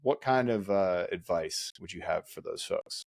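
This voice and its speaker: A man's voice: low-pitched, a little slow, creaky, darkish tone, no room sound. A man hosting a podcast in casual chat, joking and self-deprecating. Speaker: podcast host.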